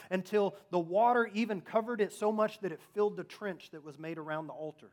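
A man preaches a sermon in a high voice, talking fast with few pauses. He asks rhetorical questions and swings between loud emphasis and hushed asides.

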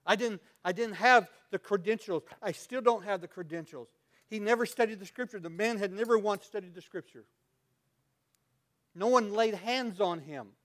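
A man preaching a sermon as pastor, telling stories and swinging from loud to quiet. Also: high-pitched, normal speed.

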